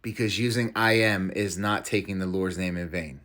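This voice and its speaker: Low-ish guy, christian video host, emphatic, argues and reads bible verses. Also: moderate pace, fairly bright tone. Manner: emphatic, argumentative, quoting scripture. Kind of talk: reaction commentary and Bible teaching.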